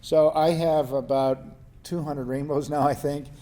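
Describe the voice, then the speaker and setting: Male panelist from New Mexico, a fairly high-voiced storyteller who laughs and mimics the people he quotes. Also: fairly even intonation, measured pace, warm tone.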